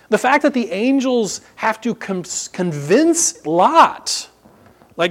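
A male pastor with a high-pitched voice speaks a little slowly, his pitch swinging widely. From the podium of a church sanctuary, he peppers his congregation with rhetorical questions and plays out disbelieving responses.

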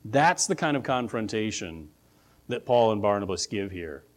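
Animated preacher with lively pitch. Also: male voice, moderate pace. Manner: animated storytelling, acts out quoted voices; emphatic, builds to forceful declarations. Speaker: pastor. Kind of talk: sermon.

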